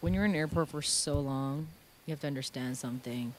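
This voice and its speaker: A woman's voice: deep voice, fairly quick, a little hiss or hum. A woman from Canada telling a story in casual chat, acting out voices and swearing freely.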